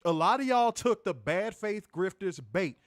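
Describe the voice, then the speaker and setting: A man in a raised register hosting a podcast, his pitch swinging widely as he rants and teases with plenty of profanity. He sits close to the mic, so the sound is dry and close. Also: measured pace, no room sound. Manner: animated, profane, teasing ranting. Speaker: co-host of a wrestling review show. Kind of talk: casual podcast chat.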